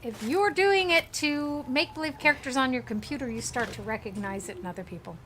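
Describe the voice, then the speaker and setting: A woman's voice: high-pitched, fairly quick, a bit bright, faint music behind. An American woman streaming a video game, chatting casually and playfully, and laughing often. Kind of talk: casual gameplay commentary.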